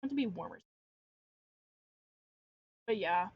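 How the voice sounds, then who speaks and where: A woman's voice: medium pitch, expressive, moderate pace, slightly rough, no echo, muffled recording. A young adult woman chatting casually on a livestream while drawing, rambling and ranting with lots of filler and restarts. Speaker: artist streamer.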